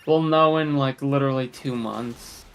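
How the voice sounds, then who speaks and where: A man's voice: mid-range voice, moderate pace, clear, resonant tone. A man chatting casually with a friend during a game stream, making easygoing offhand remarks. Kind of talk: casual chat.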